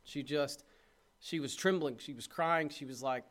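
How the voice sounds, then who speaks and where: A middle-aged man, a pastor preaching a sermon with impassioned urging that drops to soft tenderness. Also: a little high, unhurried.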